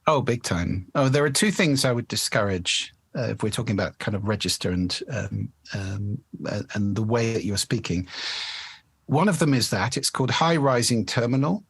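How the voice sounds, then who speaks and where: A man's voice: fairly low pitch, normal speed, creaky, breathy edge, no echo. A man, a voice expert explaining speaking habits in a podcast interview. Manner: articulate, explanatory, demonstrates voice effects.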